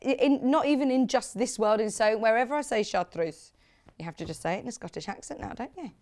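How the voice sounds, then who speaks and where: A woman's voice: a little high, quick pace, darkish tone. A woman presenting fabrics on live shopping television, chatty and gushing, reading out viewer comments as she talks. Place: TV studio.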